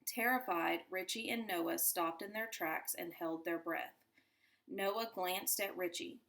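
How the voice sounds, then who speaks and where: A teacher reading a chapter book aloud to her class, in an unhurried, lowish voice. She takes each sentence slowly and deliberately, savoring the story. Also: creaky, fairly bright tone. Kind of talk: children's book read-aloud.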